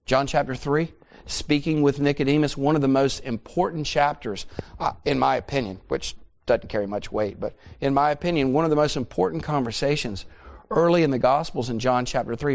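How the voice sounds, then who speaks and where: A man's voice: mid-range voice, fairly quick, creaky. Emphatic middle-aged male preacher. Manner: emphatic, repeats phrases for emphasis. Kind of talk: sermon.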